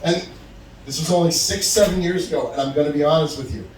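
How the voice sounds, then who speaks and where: A man in his forties doing a stand-up set at an open mic, animated as he tells stories and acts out phone calls. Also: a little high, fast, a little hiss or hum. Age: 40s. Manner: animated storytelling, acts out phone calls, laughs at own jokes. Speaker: stand-up comedian. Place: stage at a live open mic. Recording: roomy venue sound from a distance.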